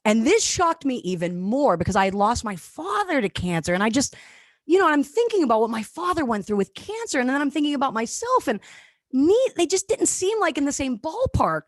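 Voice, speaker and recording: A woman in her thirties talks like a stand-up comedian, energetic and jokey, with a voice that swings up and down in pitch. The sound is dry and close, as on a video call. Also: a little fast, no room sound. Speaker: comedian and webinar speaker. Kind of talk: stand-up style talk on mental health.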